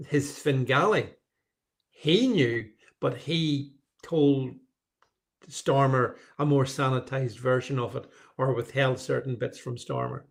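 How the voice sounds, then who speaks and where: A man's voice: medium pitch, gravelly. A man hosting a show, giving emphatic, opinionated political commentary and reading out viewer comments, often stumbling and repeating words as he builds up steam. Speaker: show host.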